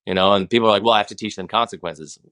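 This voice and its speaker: A man's voice: lowish voice, very fast, a bit bright, smooth. A man in his forties, a guest on a podcast, talking in a rambling, passionate way with many restarts. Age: 40s. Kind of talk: casual conversation.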